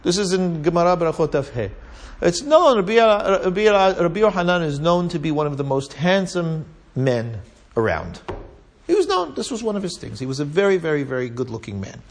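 Man, rabbi giving a torah lesson, husky tone, lively storytelling. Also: on the high side, a little fast. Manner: retells sources with Hebrew and Aramaic terms, frequent "right?" checks. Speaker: rabbi teaching Talmud.

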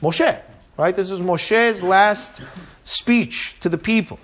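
A man with a high voice teaches a class, reading Hebrew verses aloud and translating them line by line. He explains patiently and keeps checking in with his listeners. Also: slow. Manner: explains step by step, often asks "right?" and "yeah?". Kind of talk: Torah class on the Haggadah.

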